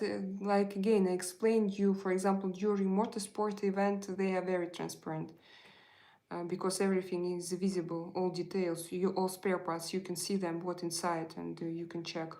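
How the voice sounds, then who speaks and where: A middle-aged woman from Russia with a Russian accent, hosting a casual live chat, pausing often and searching for her words. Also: mid-range voice, flat delivery, mellow, rough recording. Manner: halting, searching for words, many fillers. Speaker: livestream host.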